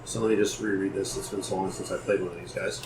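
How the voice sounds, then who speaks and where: A man's voice: deep voice, flat delivery, fast talker, darkish tone. A man playing a tabletop game, thinking aloud and tentative, in an echoey room with noticeable noise. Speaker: player. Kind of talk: casual tabletop game play.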